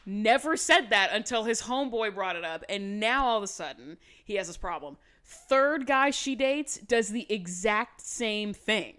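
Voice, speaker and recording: A woman co-hosting a podcast, recapping in casual chat with animated, swear-filled asides. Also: medium pitch, a little slow, hardly any pauses. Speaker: podcast co-host.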